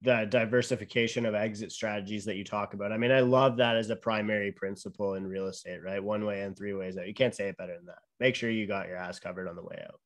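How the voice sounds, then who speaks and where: Quick-talking man co-hosting a podcast. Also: lowish voice, fairly even intonation. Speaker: podcast co-host.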